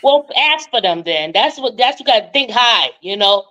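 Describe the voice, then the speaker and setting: Bright-voiced woman from Boston, forties. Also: on the high side, animated, normal speed. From Boston, Massachusetts. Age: 40s. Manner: chatty, talks over the host, laughs often. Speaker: caller. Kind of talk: casual call-in chat.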